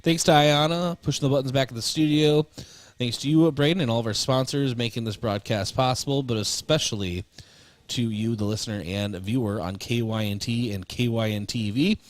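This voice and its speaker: A man calling local high school baseball on radio, reading stats and chatting casually with fillers. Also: dry recording. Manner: relaxed, chatty recap with fillers. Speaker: play-by-play announcer. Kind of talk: local radio sports broadcast.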